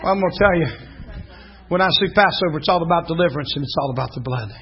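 A middle-aged male pastor preaching an animated sermon, telling stories with shouts and laughter. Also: on the high side, rapid-fire, husky. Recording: dull lo-fi sound, faint congregation.

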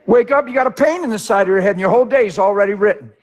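A man preaching a sermon with passion, moving between shouted lines and quiet, reflective ones. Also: sits high, rapid-fire. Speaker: pastor.

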